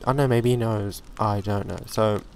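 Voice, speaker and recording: A man hosting a let's play, giving chatty, excitable gameplay commentary and swearing freely. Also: lowish voice, normal speed, clean tone.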